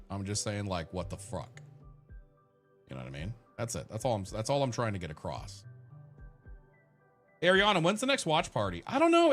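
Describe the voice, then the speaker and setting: A man streaming a game, chatting casually and profanely with his viewers and his characters while he plays. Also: lowish voice. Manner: profane, joking, talks to chat and his characters. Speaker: gaming streamer. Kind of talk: casual let's-play commentary.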